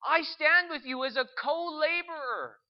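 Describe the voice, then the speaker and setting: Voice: high-pitched, a little slow, lo-fi sound, voice pushed up. A storyteller voicing a patient loving spirit. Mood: tender.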